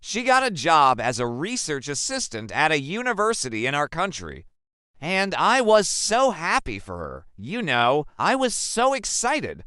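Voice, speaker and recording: A young man from Africa tells a personal story in a high, bright voice that swings widely in pitch. He speaks slowly and with emphasis. The sound is dry and close. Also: wildly swooping pitch, clear, resonant tone, dry recording. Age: young adult. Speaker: narrator.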